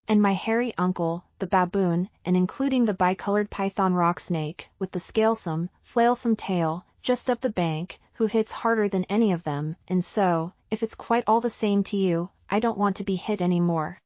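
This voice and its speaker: A woman's voice: medium pitch, moderate pace, few pauses, a little mellow, no echo, dull audio, lightly acted. A woman voicing a curious, very polite young male elephant calf in a storybook reading, earnest and mannerly.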